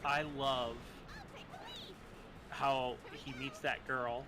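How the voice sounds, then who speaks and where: A man's voice: medium pitch, little pitch movement, extremely slow, noisy background. A man chatting casually as a stream co-host, rambling, swearing and laughing a lot.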